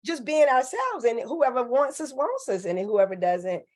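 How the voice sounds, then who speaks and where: A woman's voice: high voice, big pitch swings, moderate pace, darkish tone. A woman with a Southern US accent hosting a casual conversation, speaking in an affirming, reflective way. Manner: affirming, reflective, calls herself country. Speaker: host and preacher.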